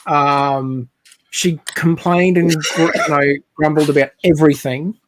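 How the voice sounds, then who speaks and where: A man's voice: a little high, fairly even intonation, measured pace, a crowd in the background. A man telling a long, rambling story in casual chat, speaking over a video call.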